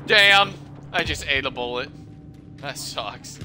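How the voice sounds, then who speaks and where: A man streaming a shooter game in casual chat, excitable, swearing and yelling at the action. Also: mid-range voice, normal speed, over loud music. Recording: game gunfire and vehicle noise behind voice. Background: game gunfire and explosions.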